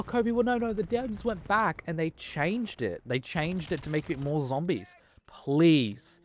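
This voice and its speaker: A man in his twenties rants about a video game in a loose, profane way. He gets heated, stumbles, and restarts his thoughts as he goes. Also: medium pitch. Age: 20s. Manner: heated, swearing, rambling with frequent restarts. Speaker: gaming vlogger. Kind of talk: casual ranting commentary.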